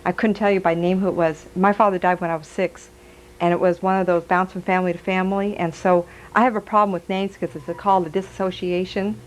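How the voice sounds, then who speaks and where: A woman's voice: on the low side, flat delivery, fast, rough recording. A woman giving a live stage reading as a psychic medium, chatty and giggly, passing on messages aloud.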